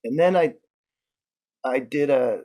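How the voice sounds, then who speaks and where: A man being interviewed, telling stories in a loose, profane, animated way, with lots of restarts and "like". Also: mid-range voice, slow. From New York. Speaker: interview guest. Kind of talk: casual storytelling.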